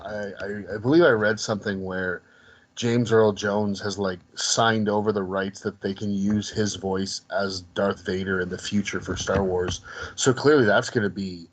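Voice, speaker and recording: A man's voice: on the low side, steady tone, moderate pace, rough recording. A man co-hosting a casual podcast, talking in a hesitant way with frequent restarts. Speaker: podcast co-host.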